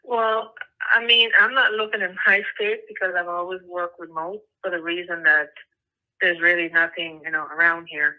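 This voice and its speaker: A woman's voice: lowish voice, fairly even intonation, moderate pace. A woman calling in to a radio show, explaining her job search in a matter-of-fact way with many fillers. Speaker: caller. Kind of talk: phone-in question. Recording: tinny phone line.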